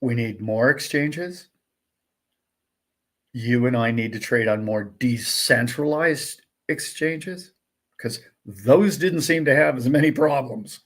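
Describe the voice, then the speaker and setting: Guy hosting a live stream, kinda raspy voice, fired up and ranty. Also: mid-range voice, slow pace. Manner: emphatic, ranting, rhetorical questions. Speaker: livestream host. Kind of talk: casual livestream commentary.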